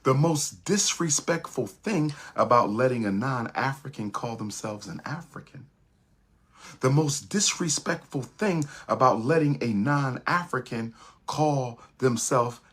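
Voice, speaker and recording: A man's voice: mid-range voice, lively intonation, unhurried, fairly bright tone, husky. A man giving an impassioned speech, emphatic and repetitive, with rhetorical questions. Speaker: public speaker.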